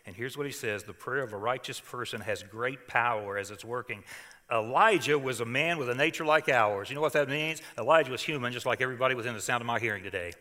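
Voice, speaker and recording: Older male preacher, bright and dramatic. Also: medium pitch, in a large hall. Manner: dramatic scripture reading, swings from hushed to loud. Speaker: pastor. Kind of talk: sermon.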